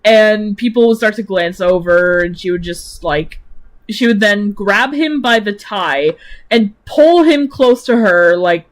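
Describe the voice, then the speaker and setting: Woman, streamer, casual rambling chat, frequent giggles, mid pitch. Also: expressive, a little slow. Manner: rambling with many fillers, giggles often. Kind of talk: casual chat about her own characters.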